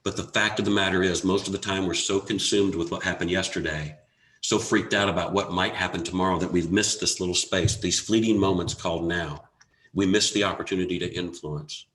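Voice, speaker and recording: A man giving a motivational talk, telling a personal story earnestly with dramatic pauses and rising emphasis. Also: sits low, steady tone, fairly bright tone, slight background noise. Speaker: motivational speaker. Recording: echoey room.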